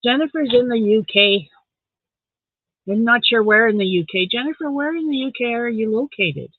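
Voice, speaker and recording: Hosting a relaxed late-night stream from his home in Saskatchewan, Canada, this man reads out viewer comments, responds to them, and talks to his dog. His voice is very high and expressive, moving at a moderate pace. There's no room sound, and the audio is dry and phone-like.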